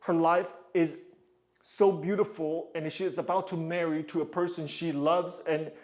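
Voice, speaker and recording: Man, ballet coach, high voice, counts and sings the rhythm, explains patiently. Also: flat delivery, moderate pace. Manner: counts rhythm aloud, sings da da cues, loud encouraging calls; explanatory, asks "you understand?". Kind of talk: live coaching session.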